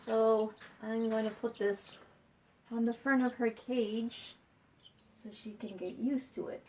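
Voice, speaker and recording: Slow-talking woman cooing at her birds. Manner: playful, chatty, coos at the birds in a high sing-song voice. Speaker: bird owner and vlogger. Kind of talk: casual home vlog, talking to her pet birds. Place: at home beside the birdcages, indoors.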